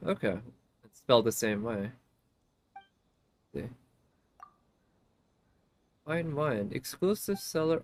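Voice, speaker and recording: A man's voice: medium pitch, very animated, slow pace, pauses often, darkish tone. A man giving casual gameplay commentary as a streamer, chatty and thinking aloud, often laughing. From United States.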